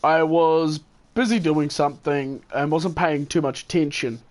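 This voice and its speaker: He's a gaming channel host from New Zealand with a voice on the high side, taking his time as he rambles through a casual gaming story, chuckling and setting himself straight now and then.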